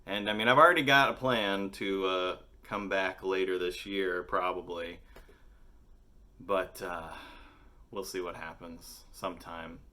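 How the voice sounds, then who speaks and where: This young man hosts a daily music video series, and his deep voice is steady, measured, pushed and bright, if a little worn from singing. He chats casually, swearing constantly and launching into jokey rants.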